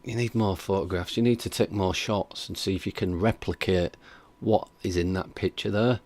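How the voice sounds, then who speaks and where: A man's voice: deep voice, steady tone, normal speed, a little mellow. A man hosting a reaction stream, chatting casually and skeptically while reading out viewer comments. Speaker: reaction video host.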